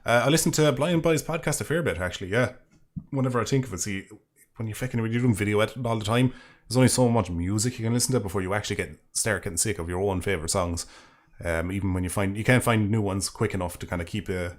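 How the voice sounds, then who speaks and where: Low-voiced man chatting on stream. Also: fast talker. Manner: rambling, sweary and sarcastic. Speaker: streamer reading super chats. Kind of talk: casual live-stream chat.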